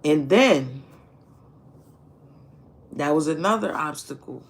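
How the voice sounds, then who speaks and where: A man's voice: on the high side, expressive, slow pace. A man telling his own story in a candid, reflective way, swearing often and repeating phrases, with speech. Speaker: streamer. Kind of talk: casual personal storytelling.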